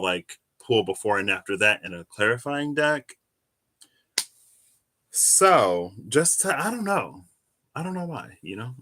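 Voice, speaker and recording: A man's voice: on the low side, pushed and bright, no echo. A man chatting casually as he shuffles and pulls tarot cards, rambling and correcting himself as he goes. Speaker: tarot reader. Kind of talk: casual tarot reading vlog.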